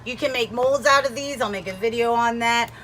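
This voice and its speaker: A woman's voice: on the high side, brisk, over music. A woman casually demonstrating how to make soap, chatty and rambling, with jokey asides to viewers. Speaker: soap-making vlogger.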